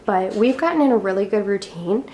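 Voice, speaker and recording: In her living room, a young homeschooling mother who vlogs wanders through a relaxed home tour, a bit breathless and rambling with asides and fillers. Her voice sits in the middle range with a darkish tone, lively intonation, and a brisk pace, over slight background noise.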